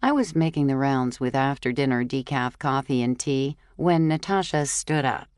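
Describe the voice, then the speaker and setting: A woman narrating a cozy mystery audiobook in a measured, even storytelling voice. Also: very deep voice, smooth, dry recording, studio quality. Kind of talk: scripted narration.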